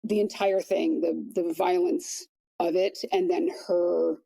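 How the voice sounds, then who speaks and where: A woman guest on a podcast, recounting a personal experience in a quiet, measured way with frequent restarts. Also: on the low side, fairly even intonation, gravelly, no room sound, rough recording. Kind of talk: personal storytelling in conversation.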